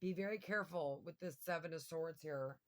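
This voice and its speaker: A woman's voice: low voice, brisk. A woman giving a casual tarot reading to her viewers, chatty and thinking aloud with lots of fillers. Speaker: tarot reader.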